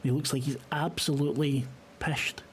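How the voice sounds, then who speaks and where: A Scottish man running a tabletop horror game as game master, narrating in a halting way, full of fillers and the odd swear. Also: on the high side, steady tone, slight background noise.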